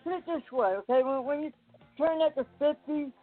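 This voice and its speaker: High-voiced man stumbling on a tinny line. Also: fairly even intonation. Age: 50s. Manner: halting, stumbling over words. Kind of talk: casual radio banter. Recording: tinny phone-like line with faint music.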